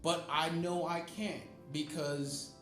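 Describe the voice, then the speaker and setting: A man's voice: a little high, little pitch movement, takes it slowly, a bit bright. Earnest man in an echoey room. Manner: earnest, thoughtful explaining. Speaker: guest. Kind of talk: casual conversation. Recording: roomy room with faint music.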